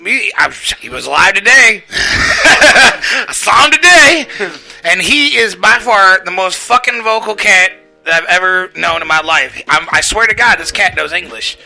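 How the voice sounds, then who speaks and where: A man co-hosting a casual chat, telling animated, profane stories and acting out his cat. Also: sits high, measured pace, vocal fry, faint music behind. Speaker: podcast co-host.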